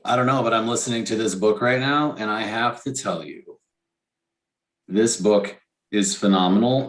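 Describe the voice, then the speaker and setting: A man's voice: lowish voice, moderate pace. A man co-hosting a podcast in casual chat, rambling with enthusiasm and many restarts. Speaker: podcast co-host.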